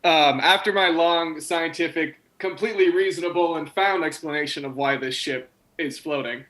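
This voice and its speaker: A man playing in a tabletop game, laughing often as he chats. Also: on the high side. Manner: slow, bright, laughs often. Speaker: player. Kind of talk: tabletop role-play chat.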